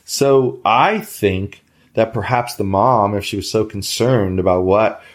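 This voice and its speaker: A middle-aged man hosting a podcast, chatting casually in an easygoing, measured way. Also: on the low side. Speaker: podcast host.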